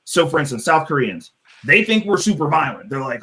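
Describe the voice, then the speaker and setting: Young man on a panel, a bit high voiced, profane and rambling. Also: expressive, fairly quick, fairly bright tone. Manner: loose and profane, lots of restarts and "like". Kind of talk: casual debate on a live stream.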